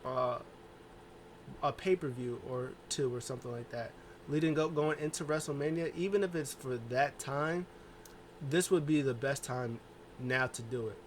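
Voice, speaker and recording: A man's voice: medium pitch, normal speed, slight background noise. A man hosting a casual wrestling recap, rambling through the events and acting out what the wrestlers said. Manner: rambling, acts out quotes in voices. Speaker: wrestling show recap host.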